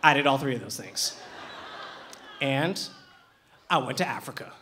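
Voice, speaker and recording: A young man telling a true personal story live on a stage, lively and animated with comic timing. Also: mid-range voice, unhurried, a little hiss or hum. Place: theater stage with audience.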